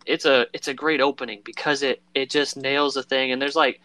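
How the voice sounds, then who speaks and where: A man's voice: medium pitch, steady tone, brisk, bright, forceful tone, dry recording. A man co-hosting a casual chat about a film, rambling with lots of fillers and acting out quoted lines in voices. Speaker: podcast co-host.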